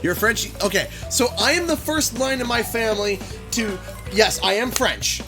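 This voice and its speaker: Canadian guy streaming a racing game, high voice bouncing all over, music playing underneath. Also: normal speed. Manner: animated, joking, chatting to viewers. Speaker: gaming streamer. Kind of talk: casual chat while playing a racing game. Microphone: headset.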